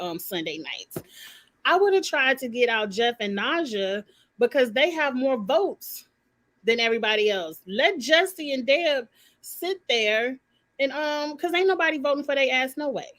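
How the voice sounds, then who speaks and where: A woman's voice: on the high side, a bit bright. A woman giving her blunt, opinionated take on a reality show in casual live commentary. She uses slang, swears, and talks straight to her viewers.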